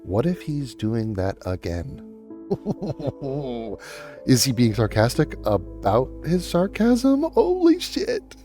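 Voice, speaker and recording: A man's voice: mid-range voice, animated, slow, darkish tone, soft background music. A man giving profane reaction commentary in a sarcastic, scornful tone. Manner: sarcastic, scornful, swears a lot. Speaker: commentary YouTuber.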